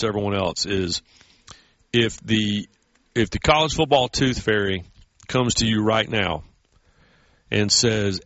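A man's voice: lowish voice, no echo, dull audio. A man telling stories in casual chat as a podcast co-host, acting out quoted voices with energy. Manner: storytelling, animated quoted voices.

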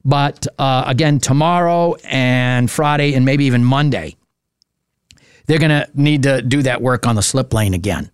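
A man hosts a morning call-in radio show, chatting loosely and filling pauses with "uh." His voice sits at an ordinary middle pitch and comes across close and dry from a studio microphone. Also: clear, resonant tone, dry recording. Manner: chatty and rambling, many "uh" fillers. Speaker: local radio talk show host. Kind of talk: casual open-mic radio chat.

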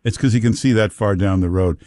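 A man with a lowish voice hosts a call-in radio show from a dry, close studio mic. He chats and teases his callers and co-host, stacking short repeated phrases for emphasis. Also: fairly quick, dark tone, no room sound. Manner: chatty, teasing, repeats himself for emphasis. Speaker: radio talk show host taking calls. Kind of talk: casual call-in talk radio. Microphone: studio microphone.

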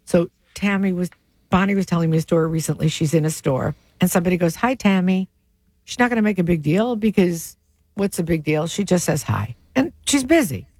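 A woman's voice: on the low side, animated, darkish tone, dry recording. A woman radio host, telling stories in casual on-air chat. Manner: chatty storyteller, quick asides. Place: radio studio.

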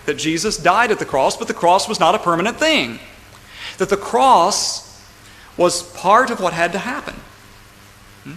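A man preaching a sermon from the pulpit, emphatic and building to loud climaxes, often checking in with the congregation. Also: high-pitched, big pitch swings, moderate pace. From United States. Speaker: pastor. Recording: long church reverb, faint room noise.

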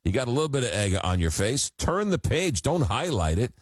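A radio talk show host, telling a rambling story full of fillers. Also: male voice, on the low side, big pitch swings, fast talker, dry recording. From Long Island, New York. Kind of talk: casual call-in radio chat. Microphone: studio microphone.

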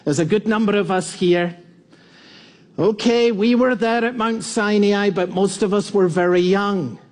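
A man's voice: high voice, fairly even intonation, measured pace, darkish tone. A man in his fifties preaching a sermon to a congregation, teaching verse by verse and asking for shows of hands. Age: 50s. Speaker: pastor. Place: church before a congregation.

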